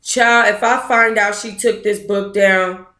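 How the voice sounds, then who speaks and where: A woman hosting an online book club, chatting casually and breaking into dramatic, excitable outbursts while talking to herself. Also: mid-range voice, measured pace. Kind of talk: casual livestream chat.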